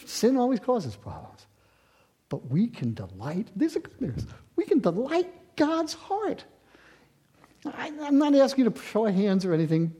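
A man in his sixties, a pastor preaching a sermon, moving from loud emphatic lines to hushed near-whispers. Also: high voice, breathy edge.

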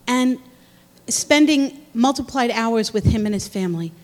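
A woman's voice: fairly high pitch, expressive, measured pace, a little mellow. Earnest woman speaking in a church hall. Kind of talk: sermon testimony. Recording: long hall reverb.

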